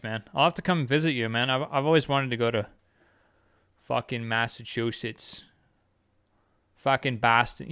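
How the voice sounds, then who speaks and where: Smooth-voiced, profane man chatting. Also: medium pitch, no room sound, studio quality. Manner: rambling and heavily profane; excitable, quick exclamations. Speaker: podcast host. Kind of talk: casual live-stream chat with viewers.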